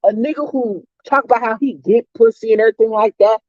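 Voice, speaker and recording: A woman delivering a heated, profane commentary rant straight to her viewers, talking fast and cutting herself off. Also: on the high side, no room sound. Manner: heated, profane, rapid-fire ranting. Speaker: commentary vlogger. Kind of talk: ranting commentary vlog. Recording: dull lo-fi dry recording.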